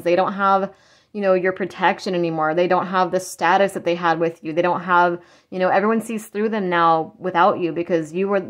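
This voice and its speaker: A woman tarot reader channeling in a casual, rambling way, blunt and given to swearing. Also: fairly low pitch. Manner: rambling, blunt, swears, mocks in quoted voices. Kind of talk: casual spiritual channeling talk.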